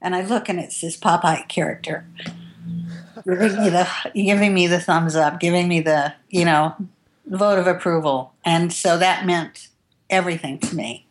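Candid rambling woman, lowish voice. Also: fairly even intonation, normal speed. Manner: candid, rambling, casual swearing. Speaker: tattoo artist. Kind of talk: interview storytelling.

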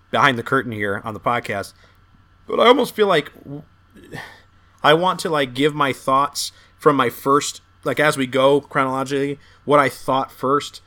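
A man's voice: medium pitch, bright, forceful tone. A man co-hosting a podcast in a casual movie discussion, thinking aloud with many hesitant restarts. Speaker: podcast co-host.

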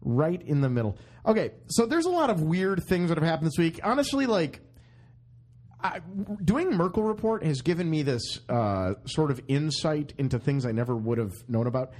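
A man's voice: a little high, normal speed. A man hosting a podcast in casual banter, telling stories with jokes. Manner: joking, animated storyteller. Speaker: podcast host.

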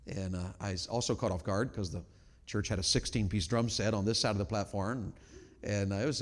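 A middle-aged man preaching a revival sermon, telling folksy stories that move from quiet talk to loud shouting. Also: fairly low pitch. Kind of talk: sermon with storytelling. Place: large church auditorium. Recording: long hall reverb.

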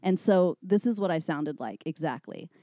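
Laughing woman from Texas, dark voice. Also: fairly low pitch, moderate pace, dry recording, clean studio sound. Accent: slight Texas. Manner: chatty, laughs often, animated storytelling. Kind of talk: casual chat.

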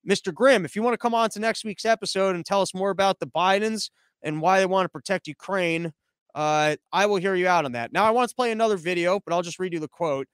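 A man's voice: high voice, fast, smooth, no echo, clean studio sound. A man hosting a podcast as a live stream, rambling through viewer comments in a sarcastic, crude, offhand way. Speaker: podcast host.

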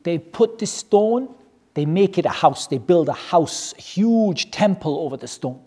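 A religious teacher tells a story to a class in an animated, joking way. The voice sits in a middle pitch and keeps firing rhetorical questions. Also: a little slow, breathy edge.

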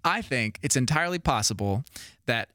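A man's voice: medium pitch, animated, normal speed, bright, forceful tone, no echo, studio quality. A man co-hosting a podcast, rambling playfully through nerdy theories in casual chat. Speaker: podcast co-host.

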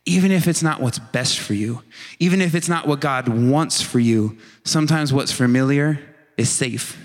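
A man preaching a casual, animated sermon, acting out short voiced asides as he tells the story. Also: medium pitch, normal speed, in a large hall.

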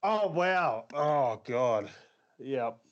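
A man's voice: medium pitch, expressive, extremely slow. A man co-hosting a casual podcast chat, rambling with lots of fillers and easy laughs. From Australia. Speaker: podcast co-host. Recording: slightly dull lo-fi audio.

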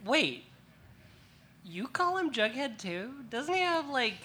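A woman's voice: a little high, very animated, takes it slowly, bright, forceful tone, husky, exaggerated voice. A woman reading the part of a catty rich teenage girl in a comedic table read, snappy and sarcastic. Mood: snarky.

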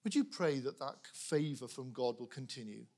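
A man preaching earnestly to a church congregation, animated, with laughs and quick asides. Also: mid-range voice. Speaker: pastor appealing for prayer. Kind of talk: sermon.

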